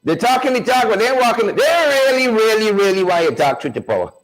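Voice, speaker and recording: Fast and high-pitched with big swings in his voice, a man runs an energetic live-stream chat, greeting viewers by name and hyping them up with repeated phrases. The recording is low quality.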